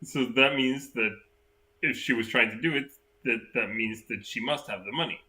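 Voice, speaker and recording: A man's voice: mid-range voice, normal speed, bright, forceful tone. A man from Sweden, a native Swedish speaker, chatting casually in English as co-host, hesitant and full of fillers. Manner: hesitant, many fillers and restarts. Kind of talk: casual chat.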